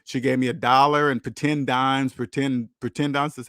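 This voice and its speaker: A man's voice: mid-range voice, flat delivery, normal speed, hardly any pauses, fairly bright tone, no room sound, studio quality. A man hosting a finance channel, talking casually and preachily about money and debt, acting out the voices of people he quotes.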